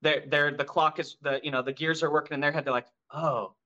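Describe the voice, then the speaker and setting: A man, a mortgage broker owner, talking as a guest in a casual podcast conversation, with high-energy, animated storytelling. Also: quick pace, dull audio.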